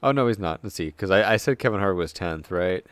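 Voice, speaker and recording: A young man with a very low voice co-hosts a laid-back chat about racing, sounding tired and short on sleep. He talks loosely, swears freely and reads off standings. The sound is dry and close. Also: fast, no echo. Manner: relaxed, swearing, yawning and tired. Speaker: podcast co-host. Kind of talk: casual chat.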